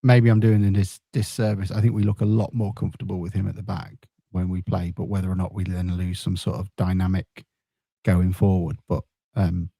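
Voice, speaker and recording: A man's voice: low-pitched, level tone, a little fast, gravelly, dark tone, slightly rough, no echo, studio quality. A man, co-hosting a podcast in a casual, wry football chat and reading out listener comments. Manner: wry, laid-back, reads listener comments. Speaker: podcast co-host.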